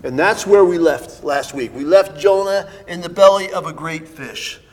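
A man preaching a sermon as pastor, emphatic, swinging between hushed asides and loud stresses. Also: high-pitched, moderate pace, in a large hall, poor audio.

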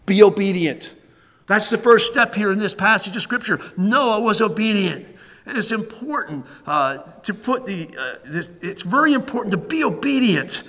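Man pastor, high voice, emphatic repetitive sermon delivery, long hall reverb. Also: animated, moderate pace, pushed and bright. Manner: emphatic, repetitive preaching with fillers.

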